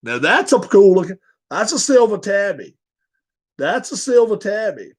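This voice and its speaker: A man's voice: sits high, very animated, moderate pace, slightly rough. A man hosting a casual livestream, blunt, joking and profane. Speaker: livestream host.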